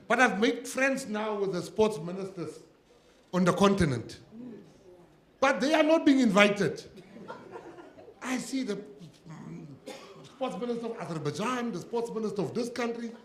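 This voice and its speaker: A South African man, a government minister, giving a humorous speech and telling jokey stories to a laughing audience. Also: high-pitched. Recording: echoey hall with audience laughter.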